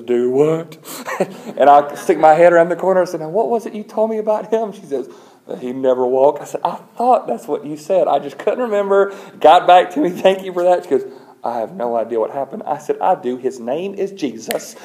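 Middle-aged male pastor, mellow dark tone, chatty sermon delivery. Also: on the high side, brisk. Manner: conversational storytelling, animated when retelling.

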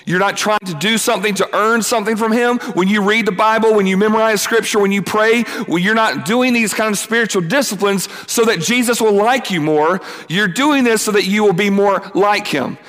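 Camp speaker, man, high voice, big reverberant hall, lively call-and-response preaching. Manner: energetic, quick, acts out quotes, asks the crowd to answer back. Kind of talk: youth camp sermon.

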